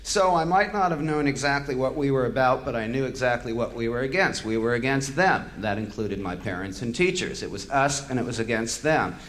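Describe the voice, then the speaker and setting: A man's voice: medium pitch, a little fast, hardly any pauses, fairly bright tone. A man giving an impassioned spoken-word monologue, bitter and sardonic, swearing freely and building to angry outbursts. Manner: heated, swelling to angry outbursts.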